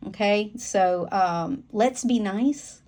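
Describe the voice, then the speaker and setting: A woman's voice: mid-range voice, takes it slowly, a little mellow. A woman with a Southern American accent, chatting casually to camera about her planner in a folksy, candid way with lots of fillers. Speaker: planner vlogger.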